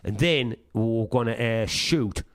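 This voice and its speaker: A middle-aged man from Sunderland, England, speaks with a Sunderland English accent at a medium pitch and a slightly slow pace, recorded in studio quality with no room sound. He's a punk singer in an interview, chatting casually and telling anecdotes full of swearing, acting out the dialogue in his stories.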